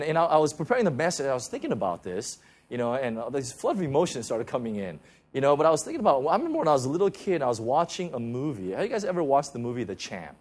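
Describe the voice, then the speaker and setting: A pastor, a man, preaches a sermon in a conversational way, peppering it with "you know" and restarting his sentences again and again. When he talks about grace, his voice turns soft and low.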